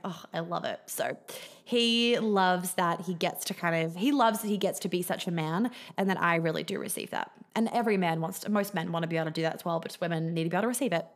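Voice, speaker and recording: A young woman hosts a live podcast Q&A in a casual, rambling way. She talks in an easy, middle-pitched voice, full of fillers, and she swears freely. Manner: chatty, frequent fillers and swearing. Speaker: podcast host answering viewer questions.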